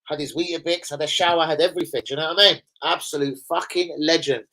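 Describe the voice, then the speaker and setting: A man hosting a casual live stream, sweary and rambling as he shouts out his viewers. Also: fairly high pitch, steady tone, fast, few pauses, rough recording. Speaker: live-stream host and football fan. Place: home room with a laptop. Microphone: laptop setup.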